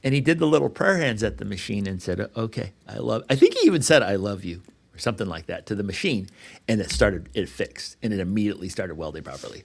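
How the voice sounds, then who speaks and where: A man with a deep, low-pitched voice co-hosts a podcast, telling a story in loose, casual talk. He rambles, restarts his sentences and acts out what other people said, dropping the odd swear word along the way. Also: fast talker, vocal fry. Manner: rambling, animated retelling with restarts and acted-out quotes. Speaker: podcast co-host.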